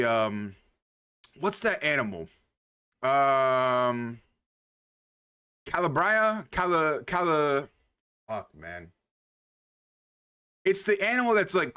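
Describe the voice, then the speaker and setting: Male streamer, casual livestream chat, lively swooping delivery, bright voice, slightly high, profane and rambling. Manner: animated, profane, rambling with laughs.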